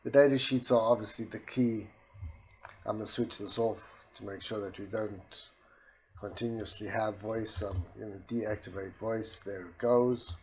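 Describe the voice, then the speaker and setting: A man walking through a software demonstration in a steady explanatory way, with a soft voice that does not carry far. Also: on the low side, measured pace, slight background noise. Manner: steady explanatory, with restarts and voice commands. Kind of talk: screen-recorded product demo.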